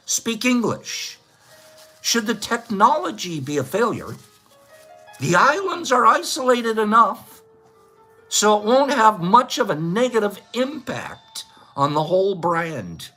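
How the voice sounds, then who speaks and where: A man's voice: high-pitched, very animated, slow pace, bright, forceful tone, soft background music. A man hosting a casual livestream trivia contest, chatting with viewers, joking and laughing at his own jokes.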